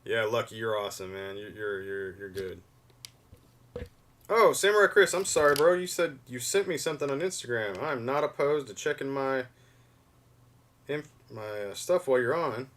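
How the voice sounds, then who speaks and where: A young man hosting a livestream, chatting loosely to viewers with many fillers and restarts, often gushing with excitement. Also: medium pitch, normal speed. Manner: rambling, lots of fillers and restarts, gushes with excitement. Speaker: livestream host. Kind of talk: casual stream chat to viewers.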